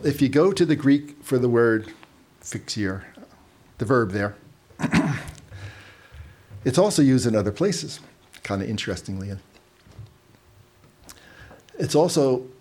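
A man's voice: medium pitch, darkish tone, slightly rough. A man giving a casual, conversational sermon, telling stories with asides and repeating words as he goes. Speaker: preacher.

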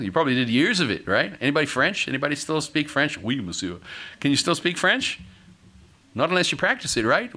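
A middle-aged male pastor preaching a sermon, acting out quoted voices and building to loud, forceful peaks. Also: a little high. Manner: dramatic, acts out quoted voices, rises to shouting peaks.

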